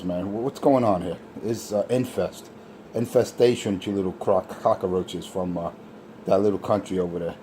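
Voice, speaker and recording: A man's voice: on the low side, dark tone, a little hiss or hum. A man in casual trash talk, scornful and ranting.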